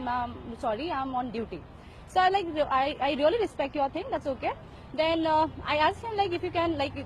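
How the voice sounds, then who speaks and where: A young woman with an Indian English accent and a high voice tells her story. She speaks emphatically and haltingly, restarting her phrases again and again. Faint background noise sits under her voice. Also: low-quality recording. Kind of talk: recounting a personal incident.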